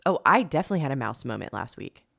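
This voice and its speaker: Middle-aged female podcast co-host, low voice, lively storyteller who acts out dialogue. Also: rapid-fire, vocal fry. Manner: animated, acts out quoted dialogue. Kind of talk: casual storytelling chat.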